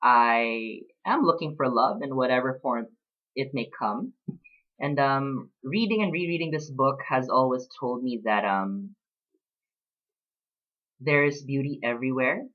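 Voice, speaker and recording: A man in his late twenties speaks in a casual personal vlog, thoughtful and unhurried, with frequent pauses and fillers. His voice sits at an ordinary middle pitch. The recording sounds a little dull and lo-fi. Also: expressive. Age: late 20s. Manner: reflective, talks about books with pauses and fillers. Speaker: vlogger.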